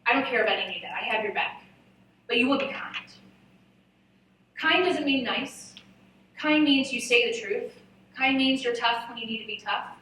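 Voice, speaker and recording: A woman speaking on a conference panel, telling frank, lively stories and poking fun at herself. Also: on the high side, slight background noise. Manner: candid, lively storytelling with self-mocking asides. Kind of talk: live panel talk at a marketing summit. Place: large event hall. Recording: echoey hall, voice from far off.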